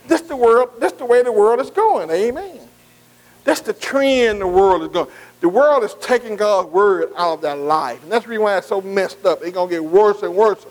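A man's voice: sits high, rough recording. A man preaching a sermon as pastor, in a call-and-response style that keeps quizzing the congregation and asking "amen". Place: church.

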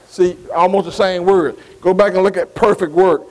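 A man's voice: high voice, steady tone, moderate pace, darkish tone, big-room sound, rough recording. A man teaching a Bible study class. He spells Greek words out letter by letter, keeps saying "see" between phrases and keeps asking the class if they follow.

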